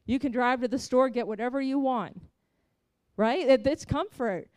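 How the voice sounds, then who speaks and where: Woman preacher giving an earnest testimony, slightly high voice. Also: moderate pace, a little mellow, no room sound. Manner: earnest, heartfelt storytelling. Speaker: preacher sharing a mission testimony. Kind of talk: personal testimony sermon.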